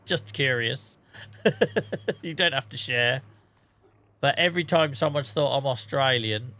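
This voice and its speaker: A man from England with a Norfolk accent gives relaxed live-stream commentary while he plays. His voice has a bright, forward edge. He chats straight to his viewers, calling them guys and mate. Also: medium pitch, slow pace. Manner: chatty, talks to chat viewers, says mate. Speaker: game streamer.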